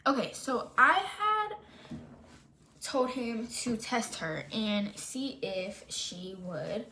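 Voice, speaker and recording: A young woman telling a storytime in a casual, animated and sassy way, with exaggerated retellings. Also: a little high. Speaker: storytime vlogger.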